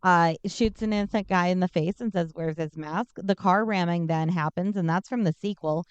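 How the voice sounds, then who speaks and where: A woman co-hosting a podcast, chatting casually and telling stories in an animated way, with the odd swear word. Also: on the low side, moderate pace, clean tone, no room sound, lo-fi sound. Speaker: podcast co-host. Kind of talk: casual chat.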